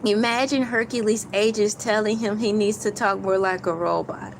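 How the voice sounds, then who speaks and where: A woman's voice: mid-range voice, fairly even intonation, moderate pace, gravelly, slight background noise, low-quality recording. A woman hosting a casual livestream, playfully talking through a list of points. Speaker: YouTube livestream host.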